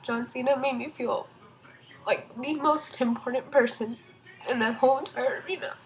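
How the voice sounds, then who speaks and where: A young woman telling a storytime vlog from home in a casual, excited way, rambling with lots of fillers and restarts. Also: high voice, normal speed, a little hiss or hum, rough recording. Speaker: vlogger.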